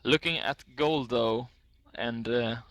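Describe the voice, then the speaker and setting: A man's voice: medium pitch, takes it slowly, a bit bright, no room sound, muffled recording. A man casting an esports match, chatting casually and reading out statistics with frequent laughs. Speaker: esports caster.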